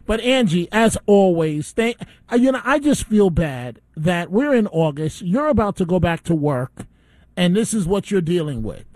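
A man hosting a call-in radio show in a high, bright-pitched voice, heated and indignant as he rants. The sound is close and dry, with no room around it. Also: lively intonation, normal speed, no echo. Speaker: radio talk show host.

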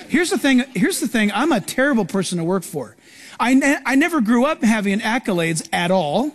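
A man's voice: very high-pitched, very animated, moderate pace. A man preaching as a pastor, telling stories animatedly and acting out the voices of people in them. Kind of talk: sermon. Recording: live sermon in a reverberant hall.

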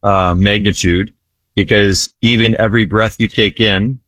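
A man's voice: lowish voice, steady tone, measured pace, fairly bright tone, dry recording. A man who works in disaster relief ministry, telling his story earnestly in an interview, repeating phrases for emphasis and often asking "right?".

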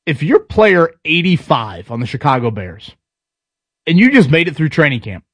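A man's voice: a little high, sing-song, moderate pace, a bit bright, slightly rough, no room sound. Guy cohosting sports talk radio, wry and joking about himself, voice goes up and down a lot, super dry studio sound. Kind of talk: casual sports talk show banter.

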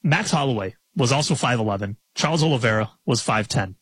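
A man with a husky, mid-range voice talks through fight odds and model predictions in quick, animated bursts. His voice sits close and dry on the mic. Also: medium pitch, no echo, rough recording. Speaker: betting analyst. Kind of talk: casual podcast chat.

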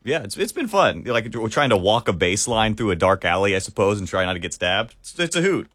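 A man's voice: on the low side, very animated, fairly quick, a bit bright, husky, dry recording, clean studio sound. A man chatting easygoingly on morning radio and reading the weather forecast. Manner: easygoing, joking. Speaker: radio guest and weather reader. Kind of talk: casual chat and weather report. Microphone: studio mic.

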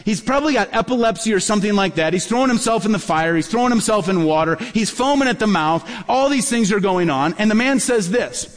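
A man's voice: high-pitched, fairly quick. A man preaching a sermon as a pastor, telling stories and acting out the dialogue in them. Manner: animated, acts out dialogue in his stories. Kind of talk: sermon storytelling. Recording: long hall reverb.

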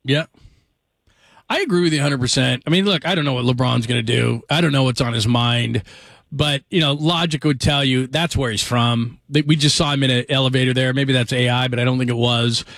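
A man's voice: mid-range voice, brisk, vocal fry, fairly bright tone, dry recording, clean studio sound. A man hosting a late-night sports call-in radio show, chatting loosely with many "uh" fillers and easy laughs.

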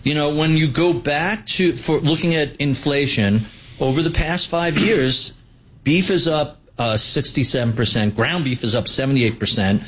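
A man's voice: on the high side, moderate pace, a bit bright, poor audio. A man being interviewed as a financial commentator, answering in a blunt, sardonic way and reeling off figures.

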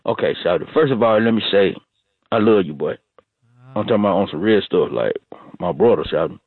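A man's voice: sits low, lively intonation, fairly quick, husky, no echo. A man, telling a rambling, mock-dramatic comic story on a radio show and repeating himself. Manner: drawling, repetitive, mock-dramatic. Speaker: comedic caller bit. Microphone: phone. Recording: tinny phone line.

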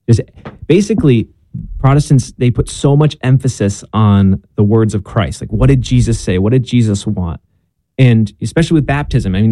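A man's voice: on the low side, dark tone, no echo. A young man in casual conversation as a guest, speaking earnestly and a little self-deprecating, with frequent ums and restarts. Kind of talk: casual conversation about faith.

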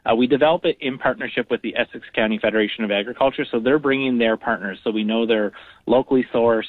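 A man's voice: medium pitch, quick pace, dry recording. A man, a guest on a radio interview, explaining things in an upbeat way with many fillers. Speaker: guest from a regional tourism program. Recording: phone line.

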